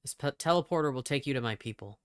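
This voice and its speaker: A woman reading the lines of an injured man who calmly guides the player through an escape in a horror game. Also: very deep voice, quick pace, no echo, studio quality. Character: steady injured male companion, urging the player on.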